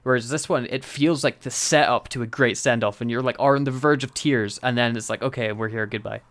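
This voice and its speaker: A man co-hosting a podcast in casual chat, animated, laughing often and acting out quotes. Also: medium pitch, fairly quick. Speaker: podcast co-host.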